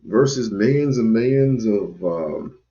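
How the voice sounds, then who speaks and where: A man hosting his own channel, giving rambling casual commentary with sudden jumps in pitch. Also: expressive, measured pace, mellow, highs cut off. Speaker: channel host.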